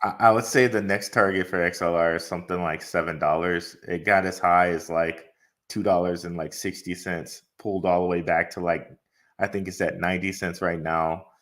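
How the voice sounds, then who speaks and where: A man co-hosting a casual livestream, talking hesitantly with many pauses and restarts. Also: sits low, fairly even intonation, a bit bright. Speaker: co-host.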